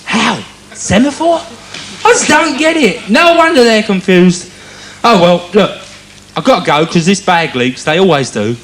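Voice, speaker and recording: High, animated comedian. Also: male voice, measured pace, a little hiss or hum. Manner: chatty, rambling storytelling with shouted voice bits. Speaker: stand-up comedian. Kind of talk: stand-up routine.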